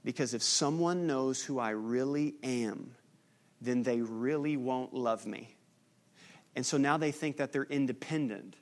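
A man preaching a sermon as pastor, lively and teasing with his congregation. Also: mid-range voice, a little slow.

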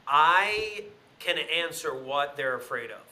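A man's voice: a little high, expressive, slow pace, pushed and bright. A man chatting animatedly as the interviewer on a podcast, often repeating and echoing his phrases. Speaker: guest interviewer. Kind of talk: casual chat.

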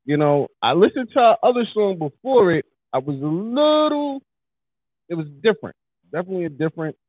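New co-host, animated casual banter, husky voice, phone-line quality. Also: male voice, sits high, fairly quick, dry recording. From New York. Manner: animated, hypes up with shouted mock street talk. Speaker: podcast co-host. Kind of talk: casual chat. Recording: tinny phone-like sound.

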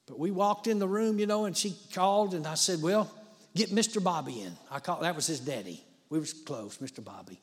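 A preacher with a high, ringing voice tells his story in a folksy, chatty way. He swells into dramatic rises and keeps dropping in "you know". His voice carries a long echo, as if it fills a big hall. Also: animated, brisk, faint music behind. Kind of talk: storytelling sermon.

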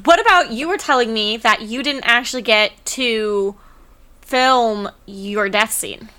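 A woman's voice: a little high, a little slow, sharp tone. A woman hosting a casual chat, chatty and enthusiastic, laughing easily.

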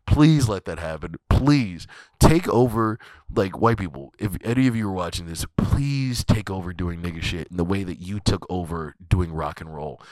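A man's voice: deep voice, dry recording. A young man hosting a podcast, talking in a loose, profane, comedic monologue and laughing often. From USA. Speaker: podcast host.

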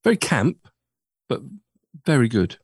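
A man's voice: medium pitch, sing-song, unhurried, breathy edge, no echo, studio quality. A man hosting a radio music show, chatting casually and rambling through anecdotes with lots of fillers. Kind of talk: casual chat.

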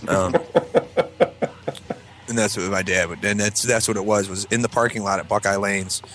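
A man telling stories in a casual podcast chat, acting out shouted lines from other people with big jumps in pitch. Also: unhurried, slight background noise. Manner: animated storyteller, acts out yelled voices. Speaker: podcast panelist.

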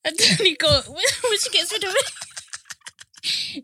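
A woman's voice: very high voice, animated, slow pace, bright, forceful tone, dry recording, studio quality. A woman co-hosting a podcast, chatting casually and telling funny family stories with lots of laughter. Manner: chatty storyteller, laughs a lot. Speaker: podcast co-host. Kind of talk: casual chat.

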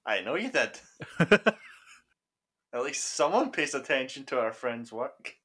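Dry, teasing man, bright voice. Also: mid-range voice, very animated, slow, slightly rough. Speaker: podcast co-host. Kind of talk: casual gaming podcast chat.

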